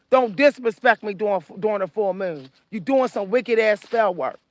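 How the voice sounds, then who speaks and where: A woman who hosts her own channel launches into an angry, profanity-laced rant to her viewers, telling her story with heat and emphasis. Her voice is medium in pitch and expressive, at a normal speed.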